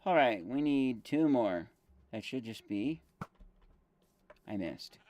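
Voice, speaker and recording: A man's voice: mid-range voice, expressive, takes it slowly, darkish tone. A man casually commentating his game stream, thinking aloud with fillers and self-corrections while chewing gum.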